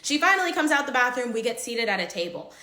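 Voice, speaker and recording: Bright-voiced young woman telling a dramatic story. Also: fairly high pitch, fast talker, roomy sound. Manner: animated, dramatic retelling with quoted dialogue. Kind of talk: casual get-ready-with-me storytime.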